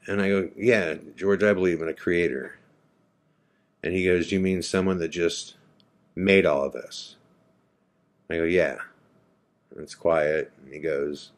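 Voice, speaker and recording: Deep-voiced man telling a quiet story. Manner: slow, quiet, reflective retelling with quoted dialogue. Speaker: podcast host. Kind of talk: emotional personal storytelling.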